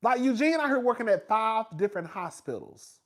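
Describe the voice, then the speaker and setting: A young man chatting casually and animatedly about reality TV, gossipy, full of fillers and quick laughs. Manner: animated, gossipy, filler-heavy, laughs often, swings loud and high when excited. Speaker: reality TV commentator.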